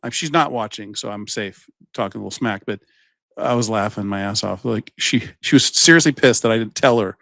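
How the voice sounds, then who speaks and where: A man co-hosting a podcast, telling stories in a rambling, casual way and getting animated as he retells events. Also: fairly low pitch, a little fast, vocal fry, no echo. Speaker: podcast co-host. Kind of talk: casual chat.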